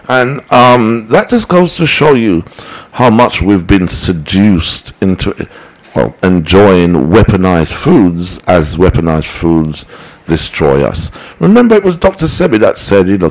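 Lively low-voiced man. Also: unhurried, rough recording. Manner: rambling, preachy, animated. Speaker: host reading listener comments. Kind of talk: casual broadcast talk.

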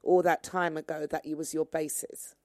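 A woman hosting a casual interview, chatty and quick to laugh. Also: low-pitched, flat delivery, darkish tone, no room sound, clean studio sound. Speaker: host.

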